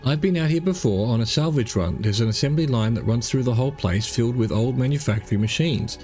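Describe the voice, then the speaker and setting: A man's voice: medium pitch, animated, quick pace, mellow, soft background music, lightly acted. A man voicing a shy male salvager in a sci-fi game, reading close to his own voice. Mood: earnest. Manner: hesitant then earnest.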